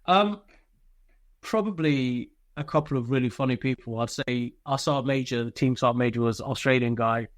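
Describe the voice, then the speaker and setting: A man recounts his army days as an interview guest, speaking loosely with plenty of swearing and restarts. His voice sits at a middle pitch. The recording is dry and close, with no room sound. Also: normal speed, no room sound. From Britain. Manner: candid and laid-back, swears freely, many fillers and restarts. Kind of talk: casual storytelling interview.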